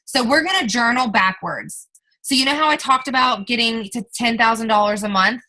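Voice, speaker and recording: Bright, upbeat young woman coaching a team. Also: on the high side, fairly quick, low-quality recording. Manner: emphatic, coaching, addresses listeners as you guys. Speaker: team leader giving a sales training talk. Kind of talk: motivational training talk.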